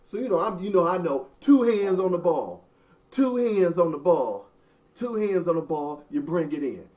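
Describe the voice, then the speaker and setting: A man's voice: high voice, animated, normal speed, darkish tone, recorded from a distance. A man in his thirties, the host, telling a funny story in a joking, mock-dramatic way. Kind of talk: casual storytelling. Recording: muffled sound from off mic.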